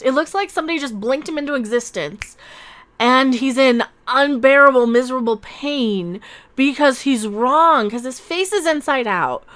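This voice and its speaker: A woman's voice: sits high, animated, normal speed, a bit bright. A woman hosting a live-stream commentary, sarcastic and mocking, laughing often as she reacts to her chat. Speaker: online commentary host.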